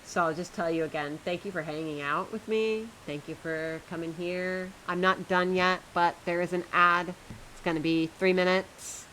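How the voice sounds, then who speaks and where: A woman's voice: fairly low pitch, fairly even intonation, moderate pace, a bit bright, a little hiss or hum, rough recording. A woman streamer chatting casually to her viewers while she plays a game, chatty and self-mocking, often laughing at herself.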